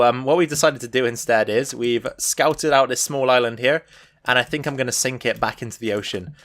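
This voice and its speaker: A man hosting a let's play, casually narrating his building plans and thinking aloud with frequent pauses and fillers. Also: mid-range voice, fairly bright tone. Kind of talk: casual gameplay commentary.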